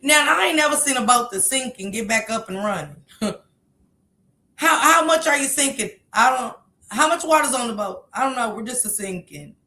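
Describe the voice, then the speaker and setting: A woman's voice: a little high, animated, normal speed, sharp tone. A woman doing sassy casual live commentary, talking back to clips. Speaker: commentary streamer.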